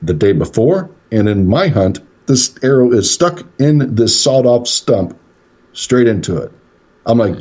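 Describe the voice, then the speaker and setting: A man's voice: mid-range voice, sing-song, a little slow, a little mellow, husky. A man, a paranormal investigator and radio guest, rambling through a story and acting out the quotes. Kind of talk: casual storytelling on a radio show. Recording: dull lo-fi radio call.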